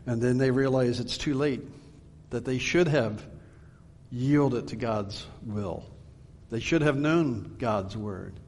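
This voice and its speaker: A man preaching a Bible-teaching sermon, earnest and emphatic, slowing down for scripture readings. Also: mid-range voice, darkish tone, long reverb tail, a little hiss or hum. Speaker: pastor.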